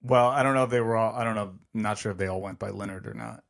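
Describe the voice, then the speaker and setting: A man's voice: fairly low pitch, fast talker, vocal fry. A man co-hosting a casual podcast, answering with short, dry, teasing comments. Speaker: podcast co-host. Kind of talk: casual chat.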